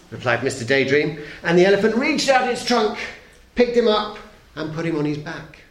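A middle-aged man reading a children's story aloud to an audience, playful and expressive, dropping very soft for suspense. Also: fairly high pitch, moderate pace, hardly any pauses. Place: talk hall. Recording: echoey hall.

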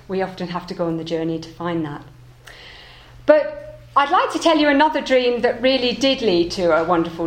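Woman minister telling a story, roomy chapel. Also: medium pitch. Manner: lively storyteller, acts out characters. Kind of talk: storytelling sermon.

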